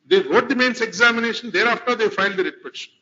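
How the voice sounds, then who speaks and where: A man speaks very fast in a high, bright, forceful voice while arguing formally before a court as an advocate. He is deferential, constantly addresses the bench, and says "my lord" over and over. It's a dull, lo-fi courtroom recording.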